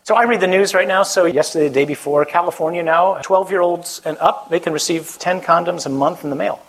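A priest preaching a conversational sermon to a live audience, joking and putting questions to the listeners. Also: male voice, high voice, a little fast, fairly bright tone, low-quality recording.

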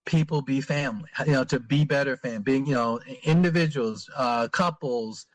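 A man, a priest, answering interview questions in a halting way with many fillers and restarts. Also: mid-range voice, no echo.

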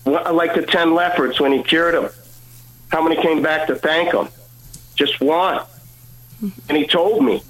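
A man giving an earnest personal testimony as a guest, halting and repeating words as he goes. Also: a little high, a bit bright, low-quality recording.

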